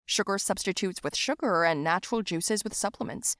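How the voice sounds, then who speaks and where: A bossy, take-charge young man, as a woman narrator voices him in an animated storybook. He talks firmly and lays out instructions step by step. The recording is dry and close. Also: mid-range voice, brisk, dry recording, close to an everyday voice. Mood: instructive. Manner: firm, instructive. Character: bossy, helpful young male friend.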